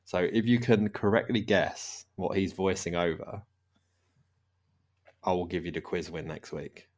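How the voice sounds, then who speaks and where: A man with a very low, deep voice hosts a relaxed football podcast among friends. He rambles through his notes, trails off mid-sentence and breaks into laughter often. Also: a little slow. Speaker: podcast host. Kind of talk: casual chat.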